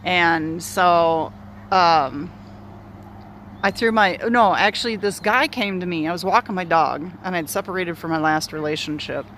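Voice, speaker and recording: A woman's voice: lowish voice, measured pace, a bit bright, slight background noise. A woman outdoors telling a personal story in a candid, rambling way, swearing freely and circling back on herself. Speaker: speaker sharing a personal story. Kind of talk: casual spoken storytelling. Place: outdoors near bushes in an urban area.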